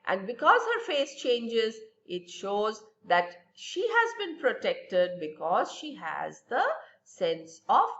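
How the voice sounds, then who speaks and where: Slow, lilting woman teaching young children. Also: mid-range voice, a bit bright, lo-fi sound. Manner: slow, lilting teacherly delivery with repeated questions and answers. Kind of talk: recorded online science lesson for children.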